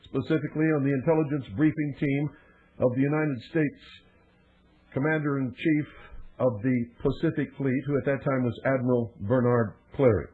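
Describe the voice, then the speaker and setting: A middle-aged male radio talk show host delivering an emphatic, warning monologue with dramatic pauses. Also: mid-range voice. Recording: phone-like lo-fi radio audio.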